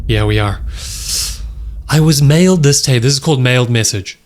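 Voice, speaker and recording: A man giving excitable, joking commentary while playing a horror game, talking straight to his viewers. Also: medium pitch, moderate pace, slight background noise. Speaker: gaming YouTuber. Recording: loud game music underneath. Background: loud game music.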